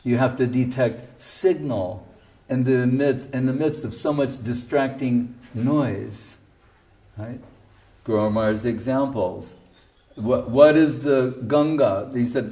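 A man's voice: mid-range voice, measured pace, mellow. A man lectures earnestly as a spiritual teacher, stressing his points and now and then chanting verses. His voice sits in a middle register. He sounds a little distant from the microphone. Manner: earnest, emphatic, quotes his guru in Bengali and Sanskrit. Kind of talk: devotional lecture.

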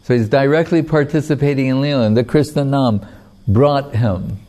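A man giving a devotional talk, retelling a sacred story in a measured, unhurried way with pauses. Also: medium pitch, warm tone. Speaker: spiritual teacher.

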